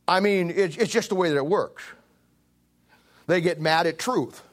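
Speaking at a measured pace in a voice that sits high, a pastor in his seventies delivers a sermon in a church sanctuary. He tells homespun stories, stresses key words, and performs the voices of the people he quotes.

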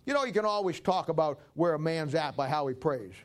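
A man's voice: a little high, expressive, fairly quick. A man preaching a folksy, conversational sermon and acting out Bible stories.

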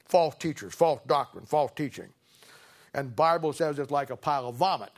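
Folksy preacher man, higher voice. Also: animated, normal speed. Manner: folksy, humorous storyteller who laughs through his anecdotes. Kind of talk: sermon with personal storytelling.

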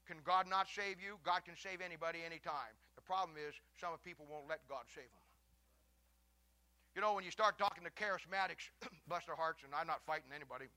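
A man preaching a sermon, his voice high and piercingly bright. He builds to fiery, shouted points, then drops into a lower, conversational tone with wry asides. The sound is close and dry. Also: dry recording.

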